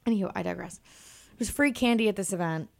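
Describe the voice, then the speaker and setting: A woman comedian chatting as a podcast guest. She tells stories with animated energy and breaks into laughter as she goes. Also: mid-range voice, quick pace, vocal fry. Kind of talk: casual podcast storytelling.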